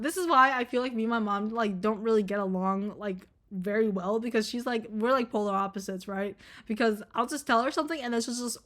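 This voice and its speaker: Young woman vlogger, mid-pitched, blunt and profane, rambly casual delivery. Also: brisk, a bit bright.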